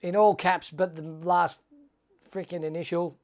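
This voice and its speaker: A man hosts a live giveaway stream, talking casually and upbeat to his viewers. His voice sits a little higher than most men's, and he keeps calling people mate. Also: level tone, measured pace. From Australia. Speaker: livestream host. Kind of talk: casual livestream giveaway chat.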